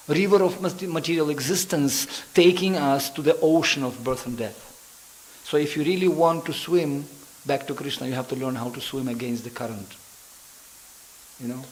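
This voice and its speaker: A man's voice: on the high side, rough recording. A man preaching a sermon in a temple who tells stories animatedly, acts out characters and laughs often. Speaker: visiting preacher. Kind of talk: sermon with storytelling. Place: temple hall.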